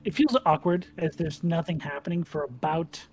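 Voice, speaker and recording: A man's voice: on the high side, a little mellow. Man narrating a tabletop game. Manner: descriptive, unhurried scene-setting. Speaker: game master.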